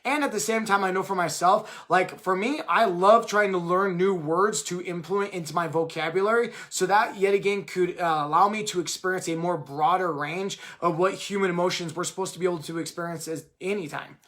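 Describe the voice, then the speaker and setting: High-voiced man rambling on a live stream. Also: fairly quick, hardly any pauses, fairly bright tone. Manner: rambling, fills with "like" and "right?". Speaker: co-host of a live video chat. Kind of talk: casual live-stream talk.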